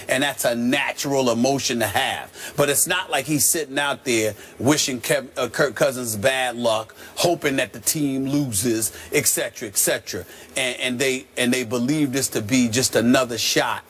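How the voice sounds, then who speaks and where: A man giving his take as a commentator on a sports talk show, emphatic and measured, with repeated qualifiers. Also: medium pitch, slight background noise. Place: television studio.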